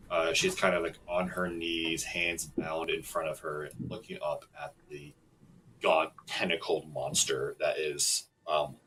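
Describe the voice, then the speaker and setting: A man narrating a tabletop game as game master, relaxed and hesitant with many fillers. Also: a bass voice, noisy background.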